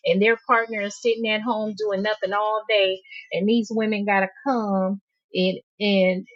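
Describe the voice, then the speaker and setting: A woman's voice: mid-range voice, level tone, moderate pace, dull audio. A woman in her fifties hosting a casual livestream, talking candidly and emphatically, often laughing mid-sentence. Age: 50s. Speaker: livestream host. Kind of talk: casual livestream talk reading chat.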